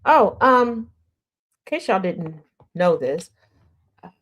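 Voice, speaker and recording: She speaks slowly but with a very animated, medium-pitched voice while hosting her opinionated news commentary stream. Sarcasm and sass run throughout, and she leans on rhetorical questions and repetition to press her points.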